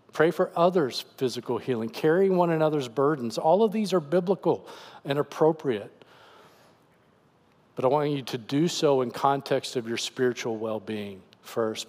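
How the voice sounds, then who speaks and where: A man's voice: mid-range voice, in a large hall. A man preaching as pastor, earnestly explaining scripture in a conversational voice. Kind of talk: sermon. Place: church sanctuary.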